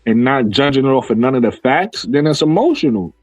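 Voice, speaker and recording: A man's voice: mid-range voice, animated, normal speed, few pauses, dry recording, poor audio. A man doing casual livestream commentary on women's basketball, arguing his point with viewers and answering chat comments, repeating himself as he goes.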